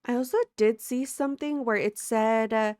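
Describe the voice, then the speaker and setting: A woman's voice: fairly high pitch, moderate pace, a little mellow, smooth, dry recording. Woman gaming host, sleepy and under the weather, giggly chatter, dry close mic. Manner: chatty, giggly, talks to viewers. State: sleepy and sick. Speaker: let's play host. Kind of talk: casual gameplay commentary.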